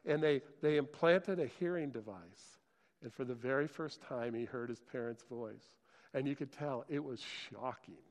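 Animated preacher in a reverberant hall. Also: male voice, mid-range voice, normal speed. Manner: animated storytelling, acts out scripture voices, enthusiastic exclamations. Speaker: pastor. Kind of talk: sermon.

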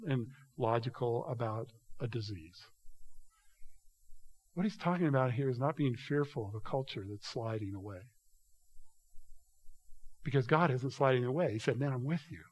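A male pastor delivering a sermon in a mid-pitched voice. He talks straight to his listeners and calls them "you guys". He moves between soft, lingering asides and loud, forceful readings of scripture. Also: expressive, husky, highs cut off. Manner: swings from hushed, drawn-out asides to loud, emphatic scripture reading; addresses the congregation directly, often saying "you guys".

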